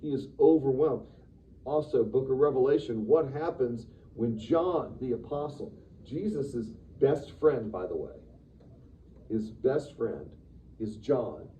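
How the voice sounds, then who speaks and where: Man, Sunday school teacher, lively conversational teaching, deep mellow voice, far from the mic, dull faint hiss. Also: slow. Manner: animated, conversational, acts out quotes with sudden loud bursts. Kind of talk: Bible class teaching. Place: church classroom. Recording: distant, dull room recording with faint noise.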